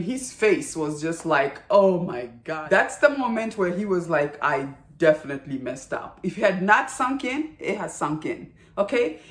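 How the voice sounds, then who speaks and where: Chatty woman reviewer in a roomy space. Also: medium pitch. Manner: emphatic, chatty, with frequent "right?" and "okay?" tags. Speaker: TV drama reviewer. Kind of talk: casual review chat. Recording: roomy echo.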